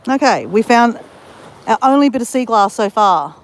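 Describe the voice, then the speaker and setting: A woman's voice: a little high, expressive, normal speed. A woman chatting to viewers on a phone livestream while walking outdoors by the sea, talking to them by name and laughing easily. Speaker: livestream vlogger. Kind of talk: casual chat on a walking livestream. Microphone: phone held while walking.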